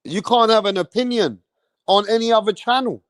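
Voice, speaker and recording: A man's voice: high-pitched, normal speed, clean tone, no room sound, clean studio sound. A man from England with an English accent, hosting a boxing channel and ranting angrily on a livestream, swearing constantly and repeating himself. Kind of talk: profane livestream rant.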